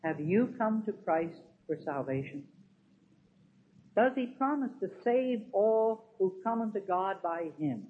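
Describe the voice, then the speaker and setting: A preacher delivers a sermon with strong emphasis, firing off rhetorical questions. The voice rises and falls in a lively way. The sound is thin and tinny, like it is coming over a phone line. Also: mid-range voice, slight background noise.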